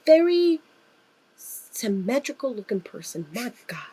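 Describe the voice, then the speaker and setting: A woman co-hosting a horror podcast in casual chat, excitable, swearing freely and using lots of fillers. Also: fairly high pitch, a little slow, breathy edge, poor audio. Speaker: podcast co-host.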